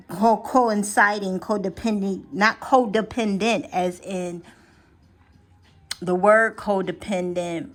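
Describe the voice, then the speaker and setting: A chatty woman giving an affirming reading. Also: medium pitch. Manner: chatty and affirming, slipping into slow, soft affirmations; repeats and restarts phrases as she thinks aloud. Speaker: astrology and tarot reader. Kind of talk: casual spiritual reading vlog.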